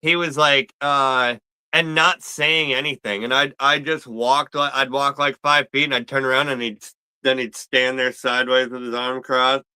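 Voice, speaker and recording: A laid-back male guest who rambles through his story with plenty of fillers. His voice is very bright and crisp, and it sounds dry and close, with no room echo. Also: mid-range voice, level tone, moderate pace. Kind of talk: casual chat.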